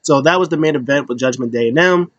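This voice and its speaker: A man's voice: medium pitch, fast talker, no echo, lo-fi sound. Rambling man recapping wrestling casually. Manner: rambling, filler-heavy, jumps into quoted voices. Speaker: wrestling show recap host.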